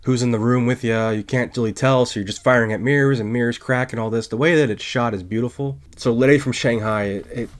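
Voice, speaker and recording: This is a man of middle pitch talking through a film review in a relaxed, conversational way. He explains things step by step and sometimes stumbles and restarts a phrase as he goes. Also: fast, hardly any pauses. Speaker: podcast host reviewing films. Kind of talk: casual spoken film review.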